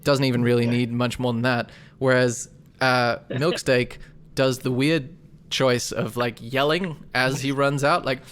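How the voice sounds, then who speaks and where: A man's voice: medium pitch, a little slow, smooth. Laid-back male game master. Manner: relaxed, explains rules patiently, laughs often. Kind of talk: narrating a tabletop game.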